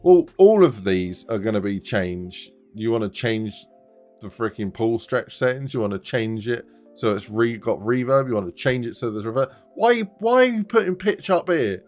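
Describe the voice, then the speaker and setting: A low-voiced man chats casually on a live stream while he builds a game level. He gets excited and laughs a lot, with the odd curse. Faint music plays behind him. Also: moderate pace. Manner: excitable, swears, laughs often, bursts into shouts.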